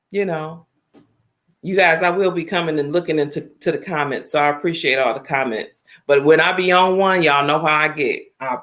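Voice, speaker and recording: Animated woman talking to her live chat. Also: fairly low pitch. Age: 50s. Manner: animated, emphatic, storytelling, addresses chat directly. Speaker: livestream host. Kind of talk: casual livestream talk.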